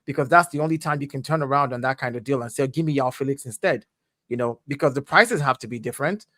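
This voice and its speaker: A man's voice: mid-range voice, quick pace, sharp tone, dry recording. This man is a panelist with a middling voice and a close, dry sound. He questions the details aloud, stumbling and restarting as he reasons things through. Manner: questioning, puzzled, restarts often. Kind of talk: casual football discussion.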